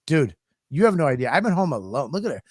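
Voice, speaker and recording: A man's voice: a little high, sing-song, fast talker, no room sound, clean studio sound. Profane, ranting podcast host man. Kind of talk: casual podcast storytelling.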